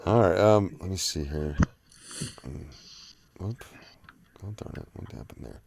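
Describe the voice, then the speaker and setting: A man's voice: low-pitched, lively intonation, unhurried, vocal fry, a little mellow, a little hiss or hum. A man hosting a live online panel in casual chat, rambling with fillers and easy laughs. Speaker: livestream host.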